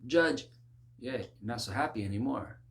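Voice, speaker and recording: An unhurried man preaches a sermon with animation, sinking to low murmurs and climbing to high, insistent exclamations. He makes mocking asides and acts out worldly voices.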